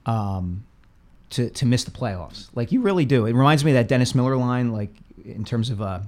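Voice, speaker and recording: A man with a mid-range voice talks sports in a relaxed, casual chat. He is opinionated and leans on fillers like "I mean" and "like". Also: mid-range voice, normal speed. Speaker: podcast co-host, sports columnist.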